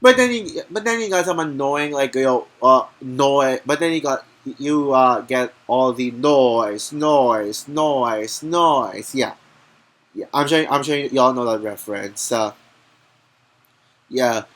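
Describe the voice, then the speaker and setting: A man's voice: medium pitch, measured pace, fairly bright tone. A man giving a casual spoken film review, rambling with many restarts and fillers, and turning heated and ranting at times. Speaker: movie reviewer.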